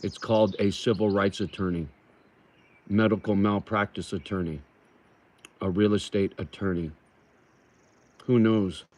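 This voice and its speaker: A middle-aged man hosting a casual livestream, reading viewers' comments aloud slowly and answering them in a rough, swearing manner, calling them brother. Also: on the low side, steady tone, a little mellow. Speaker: livestream host reading chat.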